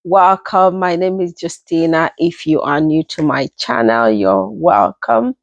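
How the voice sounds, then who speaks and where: A young storytelling vlogger with a Nigerian accent shares a personal story at an unhurried, casual pace, often repeating herself. Her voice sits low with lively intonation, and the audio is dull with no room sound.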